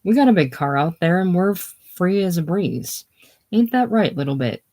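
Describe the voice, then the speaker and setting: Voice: mid-range voice, lively intonation, normal speed, a little mellow, natural voice. A person voicing George, a blunt and boisterous newlywed man, during a casual play reading.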